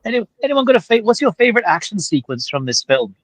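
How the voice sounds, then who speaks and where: A man's voice: high-pitched, big pitch swings, fast, no echo. A man from Wales chatting on a podcast over a video call, stammering through restarts. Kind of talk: casual chat.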